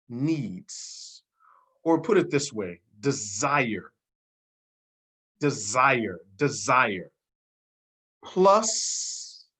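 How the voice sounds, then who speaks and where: A man with a bright, forceful voice delivers a preacher-style motivational speech on a team call. He hammers single words over and over, drops almost to a whisper and then climbs to a shout, and calls on his listeners to talk back. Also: fairly high pitch. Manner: preacher-like, emphatic, repeats key words, swings between hushed and shouting; asks the audience to answer back.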